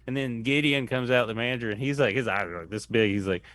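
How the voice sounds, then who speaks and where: A comedian telling a long rambling anecdote in casual chat, acting out what people said. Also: male voice, mid-range voice, fast, fairly bright tone. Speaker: comedian guest.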